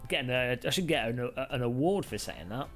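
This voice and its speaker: A man's voice: medium pitch, lively intonation, a little fast, soft background music. A man hosting a live stream, chatting casually in a jokey, rambling, self-deprecating way. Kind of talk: casual live-stream chat while sim racing.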